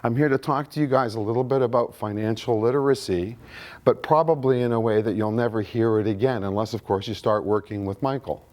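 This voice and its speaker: A man in his sixties gives a seminar talk at a conference, voice pitched at an ordinary middle level for a man. He tells his stories in an anecdotal way and voices both sides of old conversations. He also throws show-of-hands questions at the room. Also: a little fast, darkish tone. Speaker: guest speaker at an investing conference.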